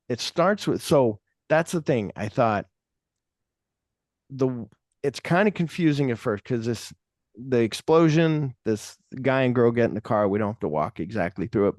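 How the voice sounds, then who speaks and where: A man's voice: medium pitch, a little mellow, no echo, clean studio sound. A man hosting a podcast, rambling through casual film talk, acting out quotes and swearing freely. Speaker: podcast host.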